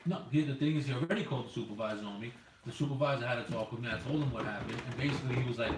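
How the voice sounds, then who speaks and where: A man's voice: mid-range voice, rapid-fire. A man telling a profane, heated work story in casual podcast chat. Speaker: podcast co-host. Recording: roomy, distant mic with faint noise.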